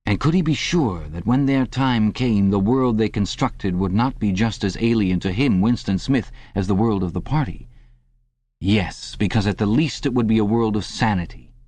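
Male narrator, lowish voice, measured dramatic reading, dry studio sound. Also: darkish tone, no echo. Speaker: audiobook narrator. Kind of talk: scripted narration.

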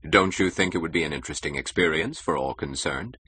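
A man voicing a suave, scheming male critic who talks in a smooth, condescending, measured way. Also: rumbling low, pushed and bright, no room sound, full character voice. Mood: sly.

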